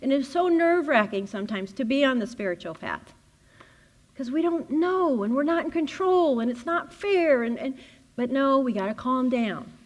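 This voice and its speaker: A woman giving a spiritual teaching talk, animated and laughing often as she acts out little scenes. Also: high-pitched, moderate pace. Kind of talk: playful teaching talk with acted-out inner dialogue.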